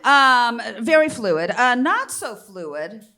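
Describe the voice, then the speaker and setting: Brassy high-pitched woman comic in her fifties. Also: very animated, slow pace, pushed and bright, a little hiss or hum. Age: 50s. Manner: brassy, crowd-teasing, bawdy punchlines. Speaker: stand-up comedian. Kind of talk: stand-up comedy set. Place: theater stage.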